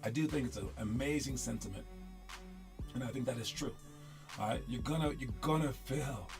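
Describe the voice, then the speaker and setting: A man's voice: mid-range voice, moderate pace, over music. A man coaching young basketball players in casual, rambling talk that often repeats itself. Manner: rambling, upbeat, repeats himself.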